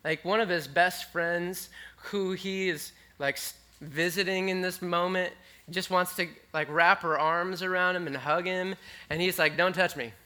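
A male preacher with a high, bright voice. He talks to his congregation in a casual, conversational way. He goes quiet and intimate, then rises with animated energy. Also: a little slow. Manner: conversational, animated, swinging between hushed and excited. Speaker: pastor. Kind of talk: sermon.

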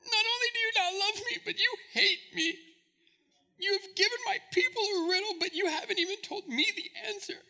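Guy putting on a crying young wife, super high wail, all sobby and accusing. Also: a little fast, creaky, pushed and bright, exaggerated voice, low-quality recording. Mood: tearful. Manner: high wailing sob-voice.

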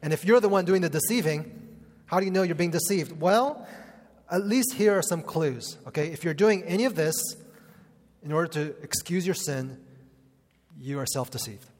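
A male pastor delivers a sermon in an earnest, conversational way, dropping casual fillers between points. His voice sits on the high side for a man. A long hall reverb trails behind him. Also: normal speed, darkish tone.

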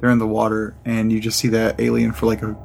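A man's voice: on the low side, completely flat delivery, fast, creaky, a little mellow, soft background music. A man co-hosting a paranormal podcast, chatting casually, laughing and swearing, with lots of "like". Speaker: podcast co-host. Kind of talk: casual chat.

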